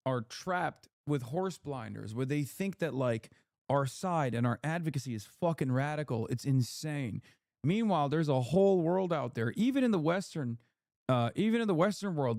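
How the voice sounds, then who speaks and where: A man's voice: fairly high pitch, darkish tone, no echo, clean studio sound. A man streaming political commentary, swearing and ranting as he reads chat and polls. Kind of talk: casual livestream commentary.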